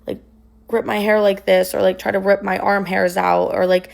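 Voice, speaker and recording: A woman's voice: mid-range voice, flat delivery, normal speed, creaky, darkish tone. A young woman casually recounting a personal story, rambling with lots of "like" and "um". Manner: rambling, filler-heavy retelling with many "like" and "um".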